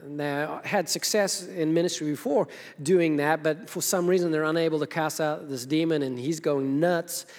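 A pastor with a slightly high voice preaches a sermon in church at a normal pace, retelling the story with casual energy and acting out each character's lines. The long reverb of a big hall rings around his voice.

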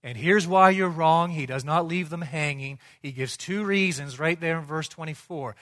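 A man preaching a sermon, emphatic and rhetorical, dropping low and quiet and then rising loud for his points. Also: moderate pace, few pauses. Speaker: pastor.

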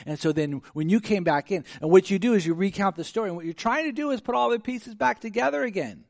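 A man's voice: high voice, fast talker, creaky, hardly any pauses, dry recording, studio quality. Chatty man preaching a sermon. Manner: conversational, animated storytelling with many fillers. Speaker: pastor.

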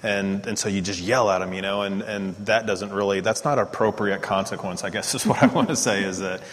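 A middle-aged man giving a casual teaching talk on parenting, animated and self-mocking. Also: lowish voice, a little fast, big-room sound. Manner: animated storytelling, laughs at himself.

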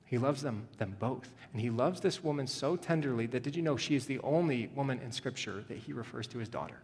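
A male pastor preaching a sermon, moving between hushed, tender passages and rising, urgent emphasis. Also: medium pitch, fairly quick, breathy edge, in a large hall.

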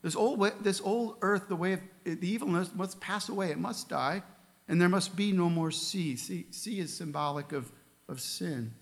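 A man's voice: high voice, moderate pace. A male pastor preaching a sermon in a church, reading scripture aloud and asking the congregation earnest questions. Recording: long reverb of a large hall.

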